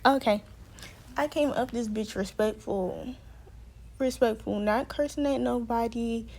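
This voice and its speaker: Young adult woman vlogger, fairly high voice, heated and profane storytelling. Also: measured pace, vocal fry, darkish tone. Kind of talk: storytime vlog.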